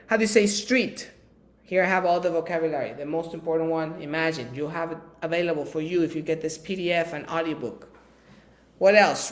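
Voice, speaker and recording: A Spanish teacher hosting a live bilingual lesson, switching between English and Spanish, drilling vocabulary through repetition and coaxing the audience with playful quiz questions. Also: medium pitch.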